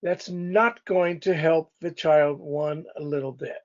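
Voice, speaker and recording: A man's voice: a little high, fairly even intonation, slow, darkish tone, highs cut off. A male pastor teaching a church couples class in a conversational way, speaking directly to the couples in the room.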